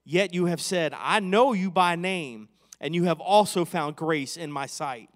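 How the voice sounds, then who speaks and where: A man preaching a sermon to his church, reading scripture verses slowly and then expounding with rising fervor. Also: a little high, big-room sound.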